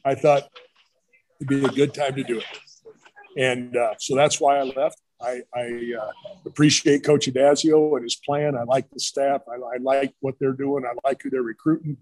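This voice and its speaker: A man's voice: mid-range voice, flat delivery, moderate pace, darkish tone, poor audio. A middle-aged man, a retired football coach, telling long rambling anecdotes in a casual interview and acting out what others said to him. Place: brewery.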